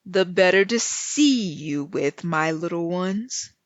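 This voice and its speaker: A woman voicing a sly, angry big bad wolf who speaks with slow, forced sweetness. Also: lowish voice, animated, dry recording, lo-fi sound. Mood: falsely sweet.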